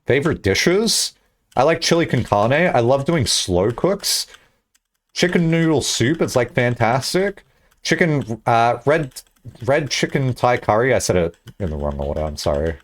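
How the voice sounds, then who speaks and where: A young man chats on a live stream in a loose, rambling, self-mocking way. His mid-pitched voice swings widely, from low mumbles to high squeaky bursts when he acts out his own lines. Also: lively intonation, measured pace. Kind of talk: casual stream chat.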